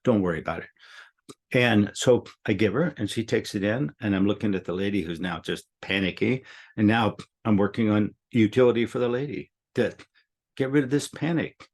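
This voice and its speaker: A man's voice: lowish voice, normal speed. An older man in casual chat, telling a long story in a rambling way, with repeated words and a soothing tone when he quotes himself. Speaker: guest teacher.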